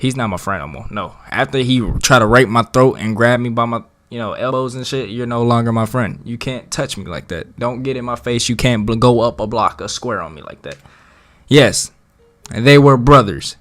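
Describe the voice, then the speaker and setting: A man's voice: mid-range voice, moderate pace. Profane, swaggering storytime guy. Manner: profane, slangy, dramatic storyteller with big swings in loudness. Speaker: vlogger telling a story. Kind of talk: casual storytime.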